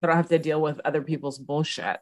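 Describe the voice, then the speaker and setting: A woman's voice: low voice, steady tone, fast, a little mellow. A woman co-hosting a podcast, talking casually in a blunt and frank way. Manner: blunt and frank, swears freely. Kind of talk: casual chat.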